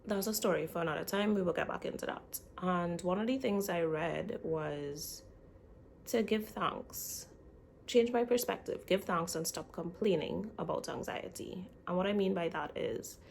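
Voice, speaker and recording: A woman's voice: lowish voice, normal speed, gravelly, a little hiss or hum. A young woman vlogging in a casual, chatty way, speaking straight to her viewers. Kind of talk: casual chat.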